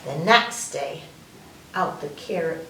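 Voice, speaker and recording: A woman's voice: sits low, lively intonation, slow pace, sharp tone, a little hiss or hum. A woman reading a picture book aloud at a library story time, playful and sing-song. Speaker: children's librarian. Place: library room. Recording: roomy echo, mic far off.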